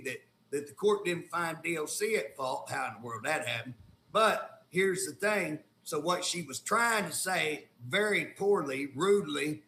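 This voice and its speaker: A man's voice: on the high side, sharp tone, reverberant, slight background noise. A man with an Oklahoma accent, a state legislator telling a story in folksy, indignant, casual talk with colloquial grammar. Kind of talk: casual talk show conversation.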